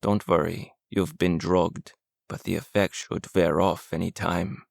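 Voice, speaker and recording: Audiobook villain: a man playing a menacing German captor, thick accent, low gravelly growl, quiet and cold. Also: little pitch movement, dry recording, clean studio sound, full character voice. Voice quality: deep, gravelly. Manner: quiet, cold, measured threats.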